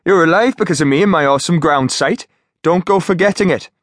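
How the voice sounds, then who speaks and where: A man voicing a cocky young male soldier with a Geordie accent, teasing loudly. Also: fairly high pitch, a little fast, dry recording, clean studio sound, voice pushed up, lightly acted. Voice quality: brash, teasing, loud.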